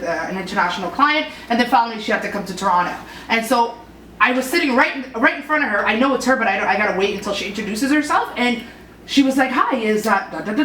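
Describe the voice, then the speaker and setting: A woman hosting a casual panel discussion, telling animated stories and passing the word to each guest. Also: on the high side. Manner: animated, storytelling, repeats herself when flustered. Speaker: panel host. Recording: roomy, distant mic, noisy.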